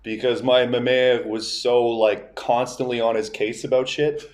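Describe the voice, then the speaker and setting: A man's voice: steady tone, unhurried, darkish tone. A man co-hosting a comedy podcast, telling family stories in casual chat and mimicking his grandparents' voices. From French-speaking family background. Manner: storytelling, imitates relatives with raised pitch.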